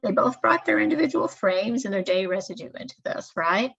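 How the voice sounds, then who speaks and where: A woman leads a staff training lecture, explaining each point in a steady, measured way. Her voice is gravelly and husky. The recording is dull and lo-fi. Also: medium pitch.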